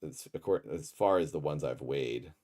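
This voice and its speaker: Deep-voiced joking livestream host. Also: male voice, moderate pace, a little mellow. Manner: rambling, jokey, reads chat aloud. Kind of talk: casual livestream chat, reacting to a show.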